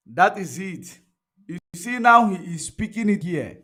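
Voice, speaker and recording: A man's voice: high voice, expressive, unhurried, pushed and bright. A man giving emphatic, repetitive livestream commentary. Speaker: online commentator.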